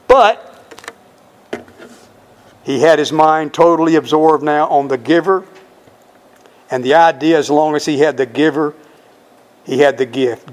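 A man preaching a sermon, reading scripture aloud and explaining it with drawn-out, emphatic stresses on key words. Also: on the high side.

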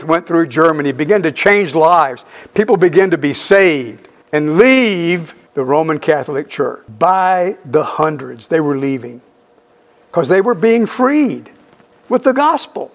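A middle-aged man preaching a sermon, telling a story emphatically with repeated phrases. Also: high voice.

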